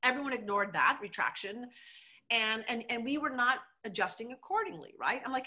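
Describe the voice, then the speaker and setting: A middle-aged woman, a former mayor, telling her story with emphatic, animated energy in a conversational interview. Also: on the high side, fairly quick.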